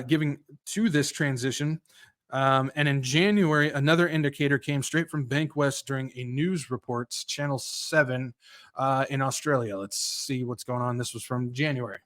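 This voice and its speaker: A man's voice: medium pitch, fairly bright tone. A man hosting a podcast, reading news aloud in casual commentary with offhand asides and self-corrections. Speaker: podcast host.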